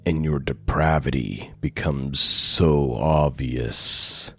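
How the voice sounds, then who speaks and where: Man preaching, reads scripture then expounds; very deep and unhurried, leans on repeated words. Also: a bit bright, husky, no room sound, studio quality, faint music behind. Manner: slow, deliberate, emphatic repetition. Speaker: pastor. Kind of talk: sermon with scripture reading.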